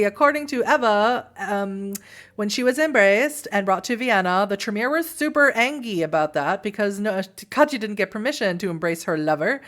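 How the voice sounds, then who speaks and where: A woman's voice: medium pitch, fairly bright tone. A woman vlogger rambling through a show recap in a giggly, self-deprecating way.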